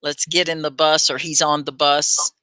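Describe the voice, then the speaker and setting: A woman teaches English live online, chatting with a guest and greeting viewers as she goes. Her voice sits a little low but rings bright and forceful. The sound is dry and close, with no room echo. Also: moderate pace, smooth. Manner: lively, playful, corrects learners' grammar directly. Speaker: ESL teacher and livestream host.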